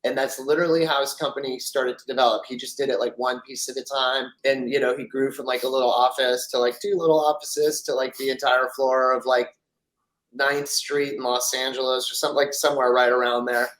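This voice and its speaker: This middle-aged French interview guest has a mid-range, slightly bright voice with little pitch movement and a brisk pace, heard on poor audio. His long, casual stories wander and brim with fillers, and he voices the characters he quotes.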